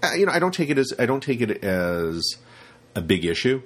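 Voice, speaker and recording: Speaking briskly with big pitch swings in a medium-pitched voice, a rope teacher rambles through his casual podcast chat. He starts over many times, repeats words, and acts out quoted students.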